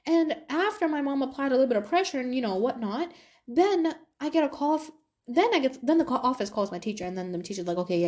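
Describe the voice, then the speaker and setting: Young woman chatting on her podcast. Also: medium pitch. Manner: chatty, animated retelling with quoted voices and fillers. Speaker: podcast host. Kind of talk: casual storytelling monologue.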